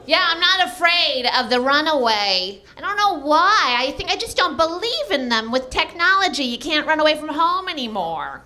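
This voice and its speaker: A woman comedian doing a stand-up set with a deadpan, self-mocking delivery on a club stage. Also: sits high, normal speed, few pauses, some chatter behind.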